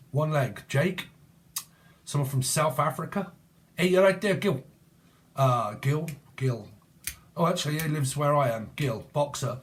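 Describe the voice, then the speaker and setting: A middle-aged man talks straight to camera through a tarot reading. He hops from one loose word association to the next, swears casually and laughs at his own jokes. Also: mid-range voice. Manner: swears freely, jumps between word associations, laughs at himself. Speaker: tarot reader.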